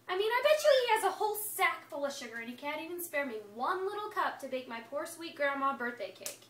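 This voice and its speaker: Voicing a friendly, self-justifying male wolf who swears he's innocent, a woman reads a first-person storybook tale in a chatty, playful manner. Her high, slightly bright voice is very animated, quick, and barely pauses. The sound is echoey, distant from the mic, with faint hiss.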